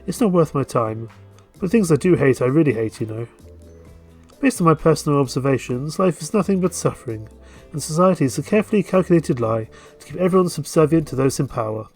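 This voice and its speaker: A man's voice: expressive, brisk, a little mellow, faint music behind. Man doing a sulky goth girl. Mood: gloomy. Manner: high put-on voice, scornful. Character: sulky young goth woman, scornful and gloomy.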